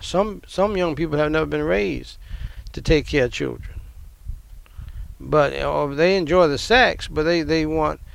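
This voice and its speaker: An older man preaches a sermon, his voice a little high and noticeably gravelly. He talks to the congregation conversationally, doubling back on phrases and dropping in asides as he goes. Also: unhurried. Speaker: pastor.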